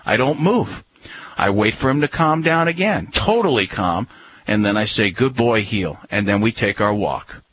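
A man's voice: fairly low pitch, expressive, moderate pace, fairly bright tone, slightly rough, no echo, low-quality recording. A man on a call-in radio show giving dog-training advice in a firm, instructive way, often repeating key words.

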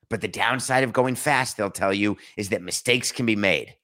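A man's voice: fairly low pitch, fairly bright tone. A man hosting a sports talk show, delivering an opinionated monologue full of rhetorical questions and sarcasm.

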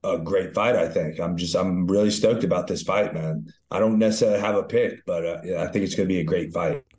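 A man with a very deep voice chats in a laid-back, enthusiastic way, dropping the odd swear word. His voice bounces around a roomy, echoey space, like an untreated room. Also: a little fast, a little mellow. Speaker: co-host, retired fighter. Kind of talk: casual podcast chat. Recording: roomy echo.

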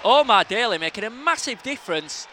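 A man, co-hosting a football fan podcast from the stands, excitable and quick to swear. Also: sits high. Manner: excitable, swears freely, shouts at the match. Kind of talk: casual football banter. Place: outdoors at a football match. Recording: outdoor noise at a match.

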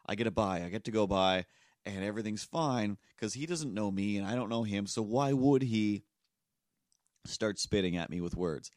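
Man, low-pitched, dry close mic, casual rambling podcast host. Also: lively intonation, moderate pace, no room sound. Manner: rambling, self-deprecating, acts out voices in stories. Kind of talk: casual chat, storytelling.

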